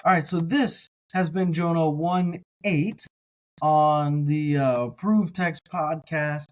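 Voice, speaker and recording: A man teaching as he reads a text slowly, word by word, repeating each word patiently. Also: a little high. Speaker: biblical language teacher. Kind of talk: slow word-by-word reading lesson.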